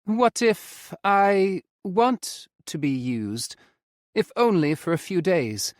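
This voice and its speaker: A man's voice: sing-song, slow, no echo, clean studio sound, exaggerated voice. A man voicing a playful, teasing young man in an audiobook, raising his voice for the character. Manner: teasing, lilting and raised in pitch.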